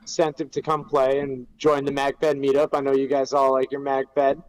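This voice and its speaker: A man's voice: mid-range voice, completely flat delivery, moderate pace, rough recording. A man chatting casually on a panel, upbeat and promoting an event. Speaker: guest, event commander.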